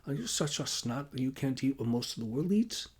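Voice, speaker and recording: A man reading the part of a patient Northern European woman scientist who speaks gently and matter-of-factly, with slightly odd phrasing. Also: on the low side, normal speed, slightly rough.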